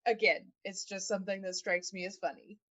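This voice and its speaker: A woman's voice: mid-range voice, flat delivery, brisk, fairly bright tone. A woman co-hosting a podcast, chatting casually and laughing often, with plenty of fillers. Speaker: podcast co-host.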